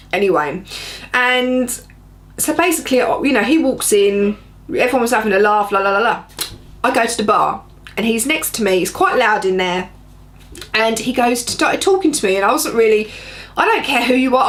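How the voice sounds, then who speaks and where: A woman's voice: a little high, fairly bright tone. A woman, telling a personal story to camera in a blunt, chatty, rambling way. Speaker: vlogger.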